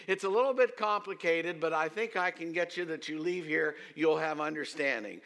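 A man preaching a sermon to his congregation, emphatic and leading call-and-response, swinging from loud declarations to hushed storytelling. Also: a little high, expressive, moderate pace, few pauses. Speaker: pastor. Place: church sanctuary.

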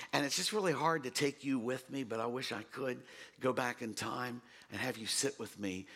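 An older man preaching a sermon, telling a story and singing bits of a gospel song, rising to loud bursts. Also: mid-range voice. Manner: storytelling, sings snatches of hymns, builds to loud bursts. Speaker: pastor.

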